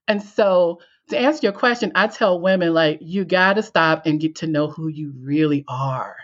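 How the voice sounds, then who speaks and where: A woman's voice: low-pitched, normal speed, hardly any pauses, highs cut off. A woman guest telling her personal story in an interview. She acts out her own past lines and laughs as she tells it. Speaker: guest, coach and speaker.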